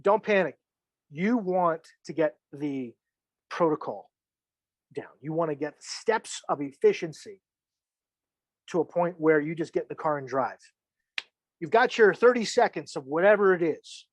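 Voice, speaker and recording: A filmmaking instructor with a slightly high voice gives a casual teaching monologue, animated and measured, pausing often. He's chatty and jokey, acting out the reactions he pictures. There's no echo in the recording.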